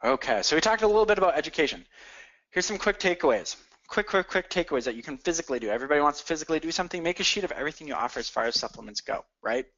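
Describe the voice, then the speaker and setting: A man leads a sales training session and speaks straight to his listeners. He talks quickly with lots of punchy energy. The audio sounds dull and lo-fi. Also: on the high side. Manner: energetic, coaching, addresses listeners directly.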